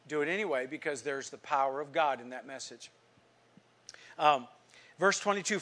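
A middle-aged man from California preaching a sermon, telling stories and swinging from hushed asides to emphatic lines. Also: high-pitched, expressive, normal speed, long pauses. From California, USA. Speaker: pastor.

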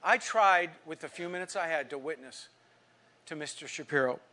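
A middle-aged male pastor from California preaching, his voice high and bright. He tells personal stories and moves between quiet asides and strong, emphatic points. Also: normal speed. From California, USA. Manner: storytelling preacher, swings from hushed to emphatic. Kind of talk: sermon.

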